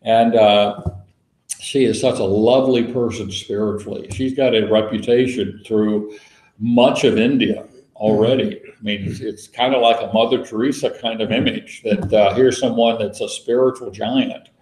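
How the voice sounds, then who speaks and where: A man leading a small-group Bible study, telling stories in a relaxed, folksy way and spelling words out letter by letter. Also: on the low side, moderate pace, reverberant, low-quality recording. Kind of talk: casual teaching talk to a small group.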